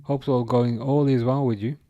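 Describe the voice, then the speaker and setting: A man's voice: mid-range voice, steady tone, moderate pace, warm tone, no room sound, highs cut off. A man hosting a football livestream, chatting casually, chuckling wryly and answering comments from chat. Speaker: livestream host.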